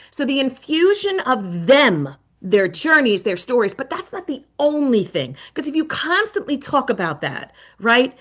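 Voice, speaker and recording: A middle-aged woman presenting a teacher webinar, animated, with dramatic whispered asides. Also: fairly high pitch.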